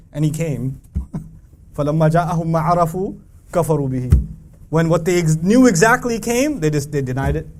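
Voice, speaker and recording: A man teaching a live audience about a Quran verse, emphatic and full of rhetorical questions, reciting Arabic verses quickly. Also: fairly high pitch, darkish tone, slight background noise.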